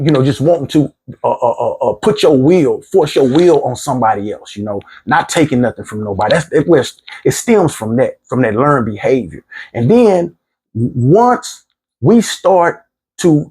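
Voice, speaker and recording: This middle-aged man's voice is a little high, a little mellow and slightly rough as he candidly tells the story of his past as a former prisoner. He speaks in a plainspoken, street-casual way and frequently repeats himself.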